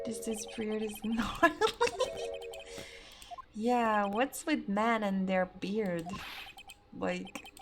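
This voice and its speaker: Slow-talking, swearing woman streamer. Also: mid-range voice, steady tone. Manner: loud, swearing, laughing at herself. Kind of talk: casual gameplay streaming.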